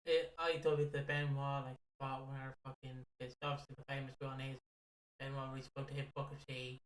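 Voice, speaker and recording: A man co-hosting a podcast, chatting about wrestling in a halting, sweary way with many restarts. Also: mid-range voice, level tone. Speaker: podcast co-host. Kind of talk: casual wrestling review chat. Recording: echoey room.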